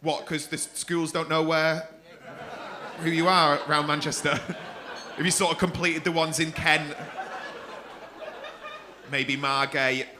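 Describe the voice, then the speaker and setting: A man's voice: a little high, level tone, slow pace, pauses often, bright, forceful tone. A man with a Mancunian accent doing stand-up crowd work in a comedy club, teasing audience members with a lot of swearing and laughing through his own jokes. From North West England.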